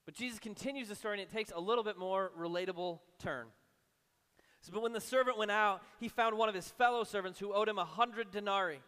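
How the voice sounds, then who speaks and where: A man preaching a sermon in a conversational way, acting out imagined voices and dropping low and soft for emphasis. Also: fast talker, clear, resonant tone, in a large hall. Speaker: pastor.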